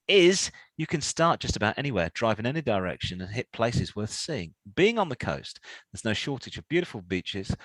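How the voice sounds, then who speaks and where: A man's voice: lowish voice, fairly bright tone, dry recording. A man co-hosting a casual chat show, joking and rambling as he reads out listener messages. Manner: joking, rambling, puts on silly voices. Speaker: podcast co-host.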